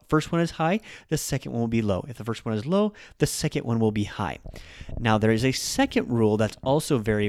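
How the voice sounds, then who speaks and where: A man, a native English speaker, hosting a casual podcast lesson, chatty and repeating words slowly to show them. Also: mid-range voice, darkish tone, dry recording, studio quality. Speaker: podcast host teaching Japanese.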